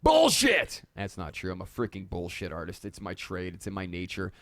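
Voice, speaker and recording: A man with a low, fairly flat voice speaks briskly in a dry recording. He hosts a casual live-stream monologue from a dark home studio, rambling, joking and mocking himself.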